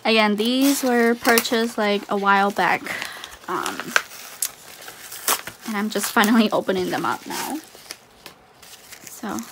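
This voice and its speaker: A woman vlogger chatting casually through an unboxing, gushing and excitable with frequent laughs. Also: medium pitch, takes it slowly, pauses often, background noise.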